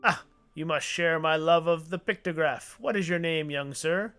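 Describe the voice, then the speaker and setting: A man's voice: on the high side, normal speed, a bit bright, clean tone, soft background music, voice pushed up, lightly acted. A man voicing a fussy old male inventor of picture boxes, speaking in formal, flowery old-fashioned phrases. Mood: grandiose.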